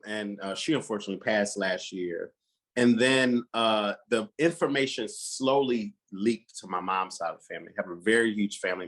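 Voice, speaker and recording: Low-ish voice guy telling his story, super animated, does everyone's voices. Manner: animated, acts out quoted relatives. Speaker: guest. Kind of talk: personal storytelling.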